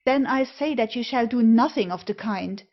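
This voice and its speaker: A proud, easily affronted gentleman, voiced by a woman reader protests with stammering outrage. The delivery is slow and the recording dull and lo-fi. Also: medium pitch, lightly acted. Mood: outraged.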